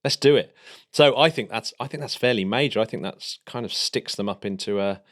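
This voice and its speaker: A man's voice: fairly low pitch, brisk, fairly bright tone. A man co-hosting a casual space podcast, rambling enthusiastically through the week's news. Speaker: podcast co-host.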